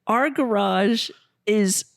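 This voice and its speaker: A woman's voice: medium pitch, extremely slow, gravelly, crowd noise. A middle-aged woman co-hosting a podcast, telling a story wryly and acting out what others said. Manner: storytelling, wry, quotes others in dialogue. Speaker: podcast co-host. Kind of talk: casual chat.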